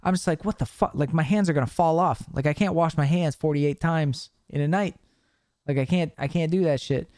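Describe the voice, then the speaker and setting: A young man hosting a podcast, telling stories in a casual, animated way with plenty of swearing. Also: on the high side, a little fast, no room sound, clean studio sound. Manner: animated storytelling with profanity. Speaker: podcast host. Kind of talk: casual chat.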